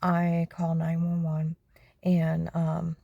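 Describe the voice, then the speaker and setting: A middle-aged woman with a low, flat voice tells her own story, keeps asking "okay?" and often sinks into a whisper. Her tone is gravelly and husky. The recording is dry and close. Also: slow, no room sound, highs cut off. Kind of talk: personal testimony monologue.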